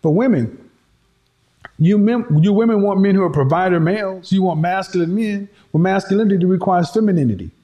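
A man's voice: high voice, a little fast, mellow, dull audio. A man talking to his audience in an emphatic, preachy commentary, repeating his points for effect. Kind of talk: opinionated commentary monologue.

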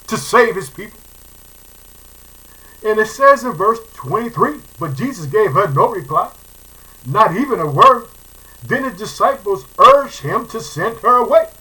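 Fervent high-voiced bright male preacher. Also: poor audio. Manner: fervent, repeats phrases, calls listeners family. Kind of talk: sermon reading and preaching.

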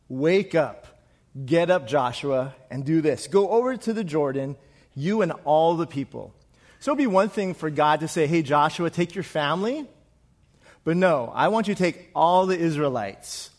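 A man preaching a sermon in a conversational way, asking the congregation questions and dropping to soft, quiet lines for emphasis. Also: on the high side. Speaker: pastor.

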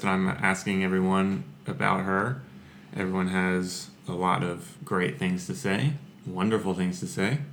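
A man who is a podcast guest, telling his story in a relaxed way with dry humor. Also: fairly low pitch, a little hiss or hum. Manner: relaxed, dry humor, says "if you will". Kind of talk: casual storytelling.

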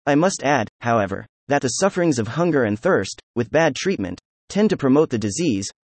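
A man reading an old children's nature book aloud as an audiobook narrator, in a steady, even storytelling manner. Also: mid-range voice, fairly quick, no room sound. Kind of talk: scripted narration.

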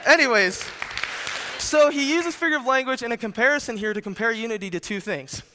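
A man's voice: extremely high pitch, fast, sharp tone, a faint crowd. A young man in his twenties giving a chatty, joking sermon, telling stories with many fillers. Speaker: youth speaker. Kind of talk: casual sermon with storytelling. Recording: reverberant hall.

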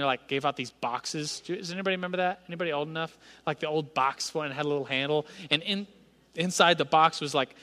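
A man's voice: fairly high pitch, sharp tone. A man in his thirties preaching a sermon in a conversational, storytelling manner. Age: 30s. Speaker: pastor. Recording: reverberant church hall.

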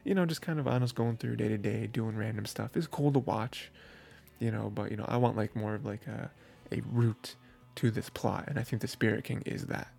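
A man's voice: fairly low pitch, fairly even intonation, a little fast, creaky, darkish tone, soft background music. A man hosting an anime review show, rambling through a casual recap with lots of fillers and laughs. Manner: rambling, filler-heavy, laughs while recounting.

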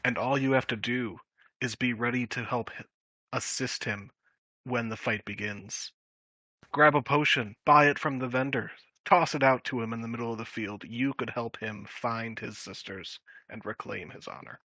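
A man's voice: mid-range voice, normal speed, pushed and bright, no echo, poor audio. A man playing a tabletop game, speaking persuasively in character, a little away from the mic. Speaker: player.

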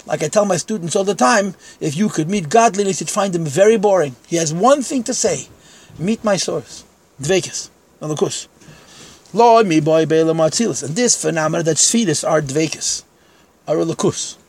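A man's voice: fairly high pitch, animated, brisk, breathy edge. A man teaching a text-study lecture in Yeshivish English, conversational, with frank self-deprecating asides.

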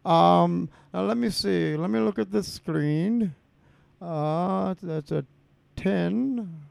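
A man's voice: high-pitched, slow pace, creaky, darkish tone, dry recording, heavily acted. A man voicing an overly apologetic male customer service agent who repeats scripted sympathy. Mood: fawning.

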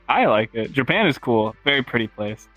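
A man's voice: mid-range voice, big pitch swings, normal speed, fairly bright tone, soft background music, poor audio. A man guesting on a casual podcast who gives short reactions and makes self-deprecating remarks.

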